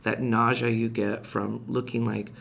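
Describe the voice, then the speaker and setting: A man telling a personal story in casual podcast chat, animated and rising in pitch when reliving heated moments. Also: unhurried, gravelly. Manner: frequent restarts and fillers, conversational. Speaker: podcast guest.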